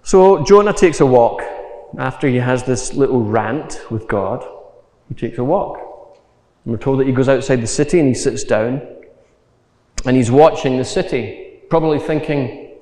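A man preaching a sermon, telling the story slowly and acting out the quotes. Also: mid-range voice, darkish tone. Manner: unhurried storytelling with acted quotes. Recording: echoey hall.

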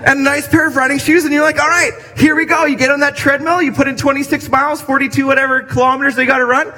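A man's voice: extremely high pitch, flat delivery, racing, sharp tone, long reverb tail. A man preaching a sermon in a church, speaking conversationally and acting out little scenes with quoted voices for humor. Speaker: pastor. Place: church sanctuary.

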